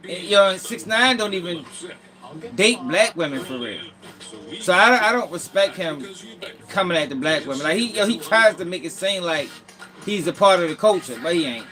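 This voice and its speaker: A man with a high voice hosts a casual commentary show. He talks loosely, laughs often and curses freely. Music plays clearly behind him. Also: normal speed, poor audio. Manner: laughing, profane, animated.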